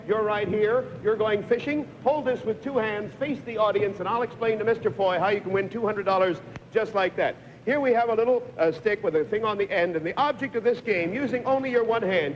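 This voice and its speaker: A man hosting a live TV game show, briskly explaining stunts and coaxing contestants on, heard through a 1950s broadcast recording. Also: high voice, a little hiss or hum. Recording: dull 1950s TV broadcast with long reverb.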